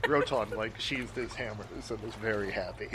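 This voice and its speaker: A man playing a tabletop game, playful and quick to laugh. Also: lowish voice, fairly bright tone, slight background noise. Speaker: player. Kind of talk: casual tabletop game chat.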